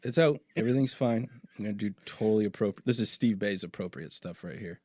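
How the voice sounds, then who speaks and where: A man's voice: on the low side, quick pace, a little mellow, no echo, clean studio sound. A man hosting a podcast in a casual chat, joking, swearing and laughing often. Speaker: podcast host. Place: small home podcast studio.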